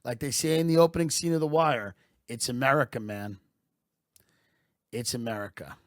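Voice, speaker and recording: A man doing a satirical comic monologue as a podcast host, deadpan and mock-patriotic, sometimes building into loud rants. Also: mid-range voice, normal speed, dry recording, studio quality.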